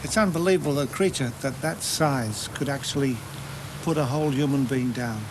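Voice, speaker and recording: A man presenting a travel documentary, cracking jokes and interviewing with playful, halting restarts. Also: medium pitch, background noise. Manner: playful, hesitant joke-telling with many restarts.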